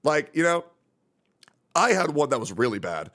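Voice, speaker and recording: Animated, foul-mouthed young male streamer. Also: on the high side, moderate pace. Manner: rambling, profane, reacting to chat. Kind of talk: casual livestream chat.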